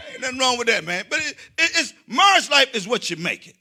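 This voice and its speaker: On a comedy stage before a live audience, a high-pitched male stand-up comic performs his routine at a normal speed with long pauses. He tells stories animatedly, acts out the voices he quotes, shouts his punchlines, and speaks straight to the crowd.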